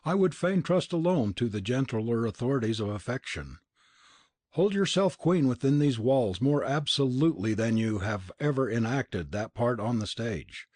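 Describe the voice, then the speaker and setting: A man's voice: mid-range voice, expressive, normal speed, darkish tone, no echo, close to an everyday voice. A man voicing an arrogant Italian prince who speaks haughtily, impatiently and with scorn. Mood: courtly. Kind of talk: audiobook character reading.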